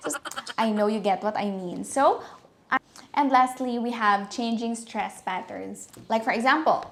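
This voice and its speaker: A woman's voice: on the high side, creaky, a bit bright, slight background noise. Chatty Filipino woman teaching pronunciation. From Philippines. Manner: chatty, playful, laughs at own jokes, slows to demonstrate words. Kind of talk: casual video lesson mixing Tagalog and English.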